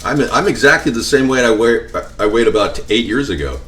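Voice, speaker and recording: A man's voice: medium pitch, animated, a little fast, a bit bright, far from the mic. A man rambling and joking to viewers as he cooks in his home kitchen. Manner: rambling, jokey, talks to viewers while cooking. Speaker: home cooking vlogger. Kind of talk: rambling comedic cooking vlog. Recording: roomy, off-mic with faint ambience.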